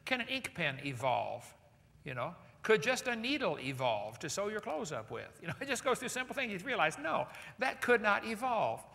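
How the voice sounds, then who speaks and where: Guy lecturing a live crowd, high voice swinging all over, keeps firing questions and cracking jokes. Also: moderate pace, gravelly. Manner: animated, asks the audience rhetorical questions; jokey asides. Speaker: seminar speaker. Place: large hall with an audience. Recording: long hall reverb.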